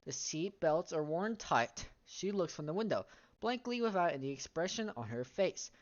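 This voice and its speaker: Low-voiced woman reading a story game aloud. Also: expressive, normal speed, lo-fi sound. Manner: reads text aloud, breaks off into wry comments and laughs. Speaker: game streamer.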